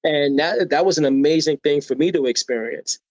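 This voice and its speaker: Speaking a little fast in a slightly high, darkish voice, an American podcast guest recounts personal stories with real energy. He imitates the people he quotes and frequently adds "right?" to draw listeners in. The recording is dry and lo-fi.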